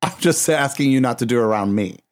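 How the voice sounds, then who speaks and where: A man's voice: medium pitch, expressive, fast talker. A man co-hosting a casual podcast, telling wry stories about a friend.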